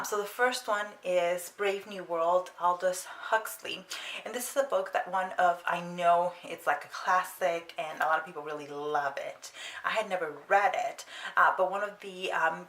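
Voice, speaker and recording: A woman's voice: on the low side, steady tone, moderate pace, fairly bright tone. A young woman chatting casually as a book vlogger, with frequent ums and restarts. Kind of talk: casual chat. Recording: roomy sound with faint noise.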